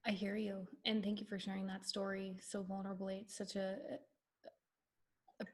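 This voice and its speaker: A woman's voice: mid-range voice, completely flat delivery, moderate pace, darkish tone. A woman from the United States, a podcast guest, explaining ideas in a thoughtful, flowing, therapeutic way. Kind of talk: reflective podcast conversation.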